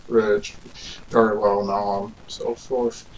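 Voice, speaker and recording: A man's voice: on the low side, level tone, slow pace, far from the mic, slight background noise, rough recording. A man delivering a rambling, argumentative casual monologue to the camera, full of fillers and restarts. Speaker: vlogger.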